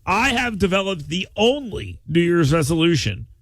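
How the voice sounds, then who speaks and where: A brash talk radio host with a high, gravelly voice. He rambles and jokes in casual banter. The studio sound is dry and close. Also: big pitch swings, moderate pace, no echo. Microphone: studio microphone.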